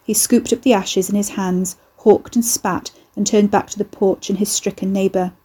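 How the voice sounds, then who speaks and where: Woman audiobook narrator, steady and even, mellow with a husky edge. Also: medium pitch, moderate pace. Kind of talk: scripted narration.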